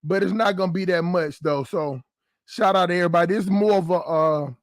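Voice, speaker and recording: A man with a high, lifted voice chats casually to his livestream viewers, cussing freely and slipping into slang. the sound is close and dry, with no room around it. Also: brisk, dry recording. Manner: profane, laughing, loose Southern slang. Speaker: livestream host.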